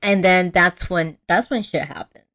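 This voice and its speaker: This young woman podcast host has a lowish, slightly bright voice and speaks at normal speed. She casually recaps a cartoon film with animation, acting out the quotes and swearing freely.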